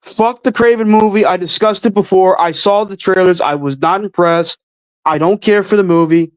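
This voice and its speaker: A man's voice: high-pitched, moderate pace, smooth, dry recording. A man hosting a livestream, answering chat questions with blunt, offhand opinions and casual swearing. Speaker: host answering live chat.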